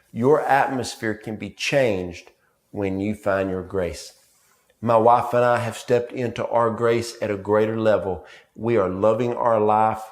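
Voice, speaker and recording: A man preaching a sermon, telling family stories with rhythmic, repeated emphasis. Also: fairly low pitch. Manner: storytelling with family anecdotes.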